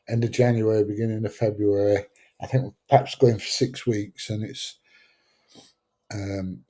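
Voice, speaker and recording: Rambling older Sheffield man, mellow voice. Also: lowish voice. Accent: Sheffield English. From Sheffield, England. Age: 70s. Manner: rambling, chatty, blunt, drops into mild swearing. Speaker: livestream host. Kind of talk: casual livestream chat reading out viewer comments.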